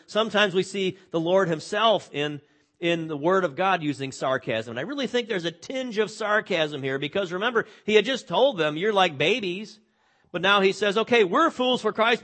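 A man's voice: sits high, a bit bright. A man preaching a sermon in a conversational way, reading scripture aloud with drama and often repeating words as he restarts. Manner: frequent word repeats and restarts. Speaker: pastor.

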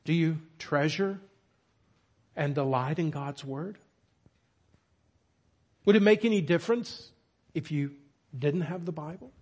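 A man's voice: a little high, unhurried, long pauses, darkish tone, highs cut off. A man preaching a sermon, with emphatic, dramatic storytelling. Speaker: pastor.

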